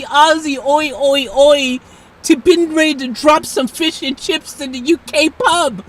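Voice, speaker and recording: A woman's voice: high voice, a little slow, recorded from a distance, rough recording. An American woman hosting a livestream, chatting casually and animatedly with an AI assistant, pleading and laughing. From United States. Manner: animated, pleading, repeating herself, bursts of laughter. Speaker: livestream host. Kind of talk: casual live chat with an AI assistant.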